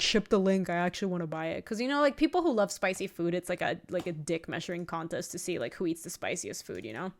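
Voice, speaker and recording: A young woman streamer chatting casually while playing a card game, telling an animated story with laughing asides. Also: medium pitch. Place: home streaming setup.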